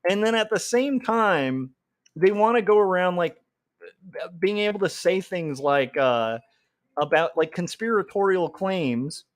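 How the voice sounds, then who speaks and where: A man's voice: high-pitched, lively intonation, a little slow. A man ranting on a casual livestream, heated and rambling, with many filler words. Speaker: comic artist livestreamer.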